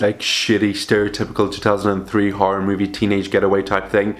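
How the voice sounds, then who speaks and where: A man's voice: lowish voice, level tone, fairly quick. A young man chatting casually to camera, rambling and swearing freely as he talks about old horror films. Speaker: video creator reviewing films. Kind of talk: casual vlog commentary.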